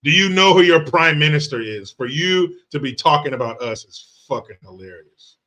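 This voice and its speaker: A man from the United States talks on a live stream, mocking and cursing at viewers in chat. His voice sits a bit above the usual male range and comes out bright and forceful. The delivery stays brash and combative throughout. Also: a little high, expressive, normal speed. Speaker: livestream host.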